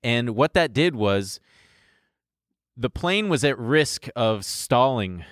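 A man's voice: medium pitch, animated, slow, fairly bright tone, no room sound. Male podcast co-host, casual, swears freely, dry close sound. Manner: explains at length with profane asides. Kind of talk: casual chat.

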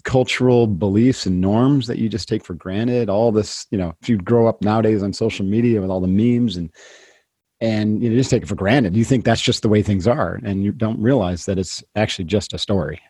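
Podcast host guy, low husky voice, chatty, dead dry sound. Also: fairly quick, warm tone, no echo. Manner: conversational, self-deprecating laughs. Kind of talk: podcast interview.

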